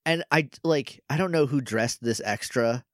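A man's voice: medium pitch, moderate pace, no room sound. A man chatting on a podcast, jokey and loose as he walks through scenes and slips into quoted lines. His voice sits in a middling range and comes across close and dry, with no room sound. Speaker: podcast co-host. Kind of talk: casual recap chat.

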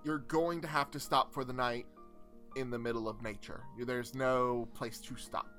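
A young man narrating a tabletop game as game master, relaxed and hesitant with frequent pauses. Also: medium pitch, soft background music. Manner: relaxed, hesitant with many ums.

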